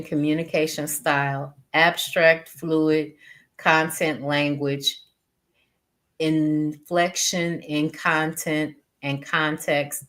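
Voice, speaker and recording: A woman slowly reading a text aloud and adding her own comments, pausing between phrases. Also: low-pitched. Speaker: reader and teacher.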